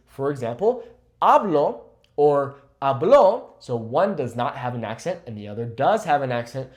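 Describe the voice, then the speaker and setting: A man teaching Spanish pronunciation in an energetic, emphatic online lesson, often checking in with "okay?". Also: on the high side. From Mexico.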